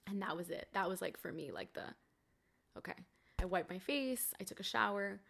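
A woman's voice: mid-range voice, quick pace, creaky, a bit bright. A young woman, a podcast guest, telling her story in a candid, casual way, swearing freely and saying "like" a lot. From Cuban family.

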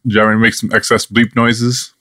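Male podcast co-host, dry wit, sleepy, low voice, dry close mic. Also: level tone, fast talker, bright, forceful tone, no room sound. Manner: dry, wry, sleepy quips. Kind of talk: casual chat.

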